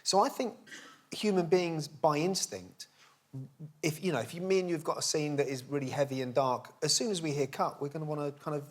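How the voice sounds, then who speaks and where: Reflective actor on a chat show. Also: male voice, fairly high pitch, a little fast. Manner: reflective, thinking aloud. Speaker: actor guest.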